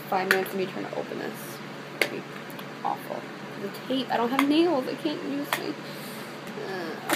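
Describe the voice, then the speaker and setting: Chatty woman over a noisy home recording. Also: mid-range voice. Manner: rambling and chatty, many fillers. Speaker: beauty vlogger. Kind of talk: casual product demo. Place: her room at home.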